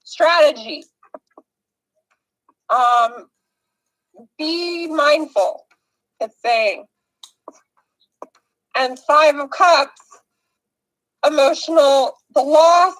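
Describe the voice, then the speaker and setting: A woman's voice: sits high, drawn-out words, pauses often, a bit bright, rough recording. A young woman chatting casually during a tarot reading game, hesitant and giggly with nervous rambling. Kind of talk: casual chat.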